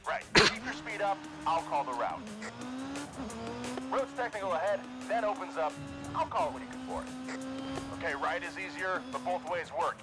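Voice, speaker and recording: An actor playing a calm male co-driver who calls the route in a brisk, instructive manner. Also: sits high. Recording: game audio under engine noise and music.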